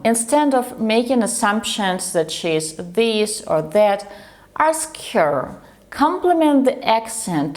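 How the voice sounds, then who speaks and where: A woman's voice: mid-range voice, darkish tone. A woman dating coach giving direct, emphatic advice, sometimes acting out sample lines in a livelier tone.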